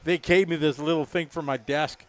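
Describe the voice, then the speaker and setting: A man's voice: on the high side, steady tone, moderate pace. A middle-aged man doing live race commentary, chatty and rambling, joking with viewers.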